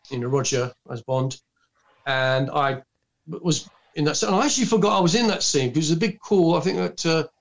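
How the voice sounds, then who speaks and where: An older man, telling film-set anecdotes on a video call in a rambling way, full of fillers and restarts. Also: mid-range voice. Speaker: guest recalling film work. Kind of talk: anecdotal storytelling.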